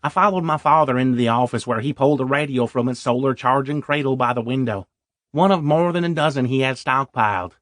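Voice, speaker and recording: A man's voice: medium pitch, fairly quick, fairly bright tone, dry recording, studio quality. A man narrating a first-person audiobook story in a wry, self-deprecating way.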